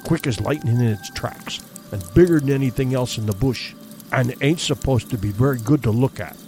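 A grave, uneasy backwoods guide talks in rough rural dialect, as a male narrator reads him. His voice sits at a middling pitch over faint background music. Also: a little fast, a little mellow, close to an everyday voice. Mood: hushed. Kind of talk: audiobook character reading.

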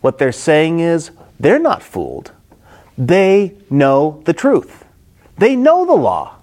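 A man's voice: on the high side, wildly swooping pitch, takes it slowly, darkish tone. A middle-aged man preaching a Bible-study sermon, acting out the quoted characters expressively.

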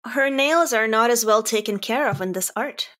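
A woman's voice: fairly high pitch, normal speed, fairly bright tone. A woman hosting a casual podcast, politely prompting her guest with questions and thanking him often. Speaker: podcast host asking questions. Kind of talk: casual interview chat.

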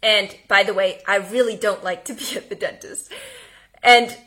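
Bright, energetic woman teaching. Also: medium pitch, moderate pace. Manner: energetic, emphatic, drops to a whisper for effect. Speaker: homeschooling teacher. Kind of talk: instructional talk.

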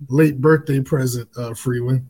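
A man's voice: medium pitch, steady tone, moderate pace, dark tone. A man chatting casually as a guest on a talk show, easygoing. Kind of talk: casual chat.

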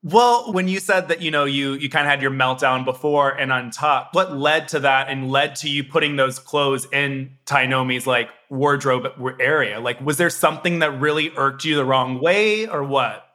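A man interviewing a guest, asking long, halting questions full of restarts. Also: mid-range voice, pushed and bright.

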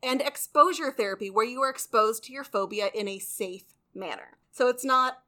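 A woman's voice: fairly high pitch, pushed and bright. A woman co-hosting a podcast, explaining facts in a casual way with playful asides. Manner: informative, quick asides, playful jokes. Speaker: podcast co-host.

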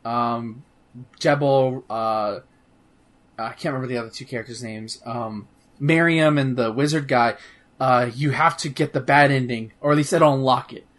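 A man's voice: mid-range voice, normal speed, fairly bright tone. A man in casual chat, talking about a video game in a rambling way with many fillers and restarts, swearing now and then. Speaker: podcast host reviewing a video game.

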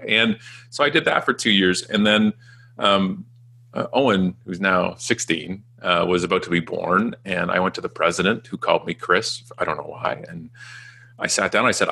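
A man's voice: low voice, normal speed, gravelly, sharp tone, husky. A Canadian man in his forties, a guest telling his work history in a chatty, self-deprecating way and acting out quoted dialogue. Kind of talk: casual storytelling interview.

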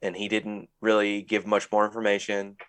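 A man with a fairly low voice co-hosts a casual podcast. He talks bluntly and thinks out loud, swearing freely. The sound is dry and close. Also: completely flat delivery, normal speed, smooth, no echo. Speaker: podcast co-host. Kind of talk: casual chat.

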